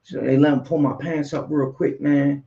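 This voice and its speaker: Man, gravelly voice, streetwise storytelling, dull lo-fi sound. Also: fairly high pitch, normal speed. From Philadelphia. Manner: animated, streetwise, peppered with slang and "you know what I'm saying". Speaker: guest. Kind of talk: casual storytelling interview. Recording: dull lo-fi audio.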